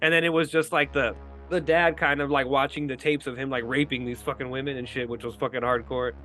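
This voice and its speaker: A man co-hosting a podcast, retelling horror film scenes in animated, heavily profane casual chat. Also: medium pitch, a little fast, soft background music. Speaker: podcast co-host.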